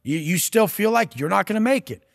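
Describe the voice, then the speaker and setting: Man, high-pitched, gravelly fry, profane taunting rant, dry mic with long reverb tail. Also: expressive, fairly quick. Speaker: podcast guest.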